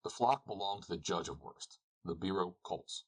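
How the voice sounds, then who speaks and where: A man narrating an audiobook, reading calmly and evenly. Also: deep voice, moderate pace, slightly rough, poor audio. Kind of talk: scripted narration.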